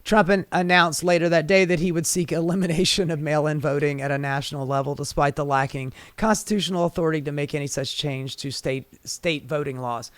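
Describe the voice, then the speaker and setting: Sarcastic high-voiced male commentator. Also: steady tone, brisk, few pauses, a bit bright, smooth, no room sound. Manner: sarcastic, profane. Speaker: political commentator. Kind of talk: commentary video.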